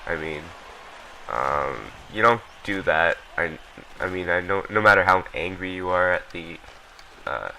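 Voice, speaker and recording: A young man with a low yet bright, forceful voice talks through his gameplay footage in a loose, rambling way. He fills gaps with ums and uhs and doesn't shy away from swearing. A faint noise sits under the recording. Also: a little slow, low-quality recording. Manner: rambling, lots of ums and uhs, blunt and profane. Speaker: gameplay commentator. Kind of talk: casual gameplay commentary.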